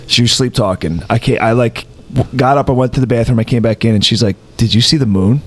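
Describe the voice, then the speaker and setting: Casting: New York guy, podcast co-host, lively storyteller, middle pitch. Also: fast. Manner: animated storyteller, acts out quotes. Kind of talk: casual chat.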